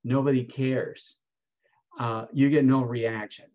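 A man answering questions as an award keynote speaker, telling stories in an animated, emphatic way. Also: medium pitch, slow pace, highs cut off. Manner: animated, lively storytelling with emphatic rises.

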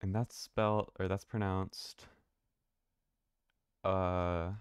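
A man's voice: deep voice, little pitch movement, drawn-out words, smooth. A man thinking aloud and swearing casually while live-streaming a video game.

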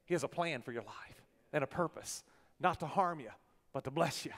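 A pastor preaching a sermon, swinging from hushed lines to loud bursts. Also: male voice, fairly high pitch, lively intonation, brisk. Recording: long church hall reverb.

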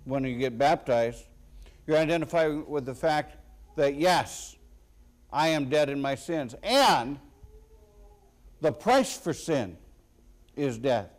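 A man preaching a sermon as a pastor, slow and deliberate with sudden loud emphatic bursts. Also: a little high.

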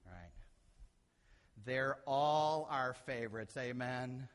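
Lively, animated male pastor preaching. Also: medium pitch, slow. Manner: animated, acts out quotes and shifts loud to soft. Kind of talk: sermon.

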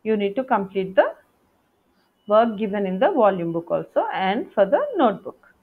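A woman's voice: mid-range voice, lively intonation, moderate pace, slightly rough. A woman teacher giving a patient lesson to young schoolchildren, spelling out words letter by letter. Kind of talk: online class lesson for young children. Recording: tinny phone-like audio.

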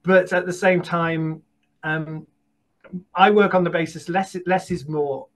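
A British man speaks as a guest on a narration podcast. He talks in an animated, encouraging way and often repeats and restarts words. His voice sits slightly high for a man. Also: unhurried, poor audio. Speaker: audiobook casting producer, guest. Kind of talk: conversational interview advice.

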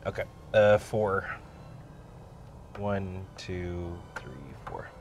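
A man's voice: low voice, level tone, very slow, gravelly, background noise. A man playing a board game with friends, counting his moves aloud and laughing often. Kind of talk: casual game-night chat.

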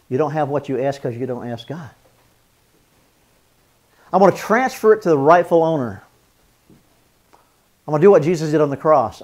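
Male seminar preacher with a somewhat high voice. Shifts from forceful teaching to soft, gentle apologies. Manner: swings from loud emphatic teaching to soft quiet role-played apologies; chuckles between points. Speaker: marriage seminar speaker. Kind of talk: sermon-style teaching.

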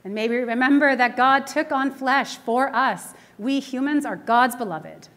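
Woman, 40s, minister, sermon, conversational, animated, laughs a lot, slightly high voice. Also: measured pace, background noise. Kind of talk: storytelling sermon. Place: church sanctuary.

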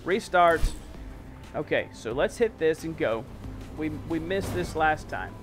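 Excitable man narrating a game. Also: a little high, unhurried, soft background music. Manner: excitable, exclaiming, mild self-censored oaths. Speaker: gaming channel host. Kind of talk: let's play commentary.

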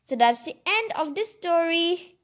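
A woman reading a children's picture book aloud in a gentle singsong manner, then signing off her channel. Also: extremely high pitch, animated, a little slow. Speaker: storybook reader and channel host.

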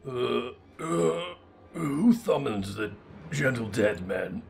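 A man's voice: mid-range voice, animated, slow pace, creaky, darkish tone. A man giving casual, wry let's play commentary with chuckling asides. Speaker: gamer.

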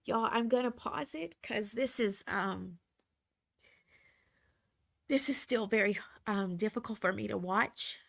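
A woman who was once a reality TV cast member reflects emotionally and earnestly, halting at times and repeating phrases for emphasis. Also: mid-range voice, gravelly.

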